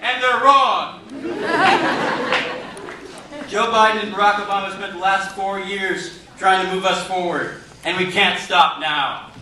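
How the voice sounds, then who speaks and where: A man's voice: high-pitched, level tone, moderate pace, background noise. A student in his twenties giving an earnest prepared speech to introduce a speaker, stumbling a little. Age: 20s. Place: large room with a cheering crowd. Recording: echoey hall, distant mic, loud crowd.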